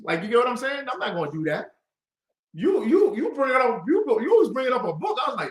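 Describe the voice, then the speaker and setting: Animated high-voiced man teaching scripture. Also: fast talker, echoey room. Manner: lively, call-and-response, acts out quoted voices. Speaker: class teacher.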